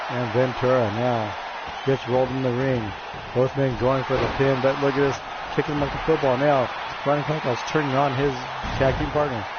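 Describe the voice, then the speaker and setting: A man's voice: medium pitch, lo-fi sound, very noisy. Jokey man calling a video game wrestling match. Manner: jokey wrestling-announcer patter, keeps saying folks; stumbles and restarts phrases. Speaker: wrestling game commentator and stream host. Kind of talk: play-by-play commentary on a video game stream.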